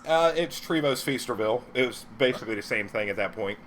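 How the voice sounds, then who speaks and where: Profane, bright-voiced young man. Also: medium pitch, fast talker, a little hiss or hum. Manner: profane, lively storyteller. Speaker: co-host. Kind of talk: casual chat.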